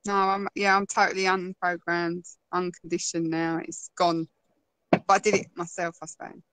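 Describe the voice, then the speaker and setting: Bright, chatty woman. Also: lowish voice, little pitch movement, moderate pace, smooth, dry recording, rough recording. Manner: chatty storyteller, laughs often. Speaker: guest. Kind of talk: casual conversation.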